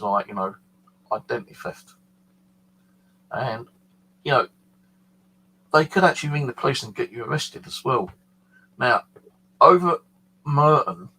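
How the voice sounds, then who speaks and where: British guy rambling thru a spooky story, bright gravelly voice, lots of "you know". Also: lowish voice, a little hiss or hum, rough recording. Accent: British English. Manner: rambling, many fillers. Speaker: paranormal channel host. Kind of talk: casual storytelling.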